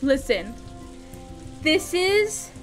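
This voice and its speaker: Woman game streamer, very high voice, unhurried delivery, expressive and talks to chat, faint music behind. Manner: excitable and expressive, talking straight to chat. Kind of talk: live gameplay commentary.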